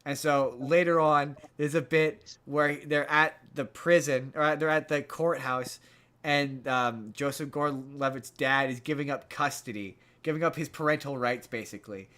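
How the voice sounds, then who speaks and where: A man's voice: a little high, steady tone, normal speed, fairly bright tone. A man co-hosting a podcast in casual chat, retelling a movie plot in a rambling way with many restarts. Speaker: podcast co-host.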